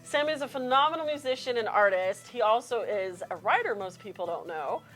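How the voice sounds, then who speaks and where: A woman hosting a casual podcast interview, excitable and gushing, swearing freely. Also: on the high side, a little fast, faint music behind. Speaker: podcast host.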